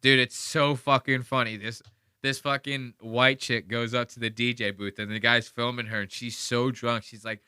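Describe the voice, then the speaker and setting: A man hosting a podcast, reacting to a clip in profane, animated casual commentary and slipping into voices. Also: mid-range voice, normal speed, clear, resonant tone, no echo, clean studio sound. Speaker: podcast host.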